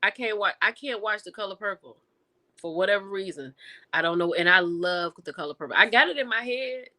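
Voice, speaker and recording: Bright, animated woman chatting with viewers. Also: medium pitch, brisk. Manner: animated and expressive, with exclamations; talks to viewers directly, reading and answering chat. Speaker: livestream host reviewing TV and film. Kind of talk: casual chat with viewers.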